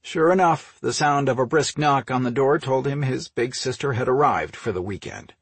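A man reading a novel aloud in a steady, measured storytelling voice. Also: mid-range voice, slightly rough, no echo. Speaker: audiobook narrator. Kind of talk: scripted narration.

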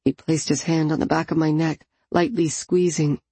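A woman narrating a first-person audiobook in an intimate, low-key delivery. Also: level tone, moderate pace, dark tone, husky, no echo.

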